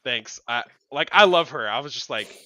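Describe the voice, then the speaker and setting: A man's voice: mid-range voice, lively intonation, a little fast, sharp tone, no room sound. A man co-hosting a podcast, telling stories in a casual chat with lots of fillers and restarts. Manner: rambling storyteller, many fillers and restarts. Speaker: podcast co-host.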